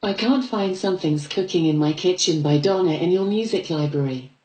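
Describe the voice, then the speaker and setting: A synthetic female voice assistant giving flat, polite replies. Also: on the low side, brisk, low-quality recording. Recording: smart speaker with kitchen clatter behind.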